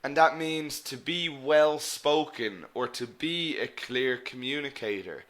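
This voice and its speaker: A man teaching an online business English lesson, explaining vocabulary and repeating example words slowly and deliberately. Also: medium pitch, fairly bright tone.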